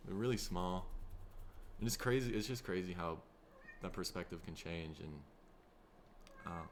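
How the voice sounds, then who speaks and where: A somewhat low-voiced man talks through a loose, solo podcast monologue. He sounds tired and his throat is rough, and he rambles along in a laid-back, profane way. A faint noise sits under the voice. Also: a little slow. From Minnesota, USA. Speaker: podcast host.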